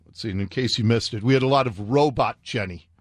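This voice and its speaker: A talk radio host in his fifties speaks fast, his commentary sarcastic and mocking, with his pitch swinging up and down. The recording is dry.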